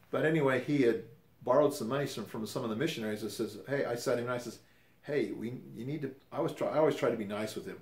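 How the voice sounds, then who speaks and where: A man in his fifties casually telling a personal story, rambling and correcting himself as he goes. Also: medium pitch. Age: 50s. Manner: rambling, self-correcting, conversational. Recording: roomy echo.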